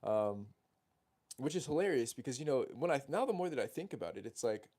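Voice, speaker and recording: A man in his twenties, a dating coach, telling a story in animated, casual speech full of swearing and restarts. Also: mid-range voice, fast talker. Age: 20s.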